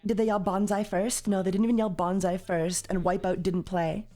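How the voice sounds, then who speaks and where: A woman hosting a casual livestream chat, loud and sweary, with a slightly tired voice. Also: mid-range voice, steady tone, fairly quick, faint music behind. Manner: loud, swears freely, jumps into yelling. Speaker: livestream host.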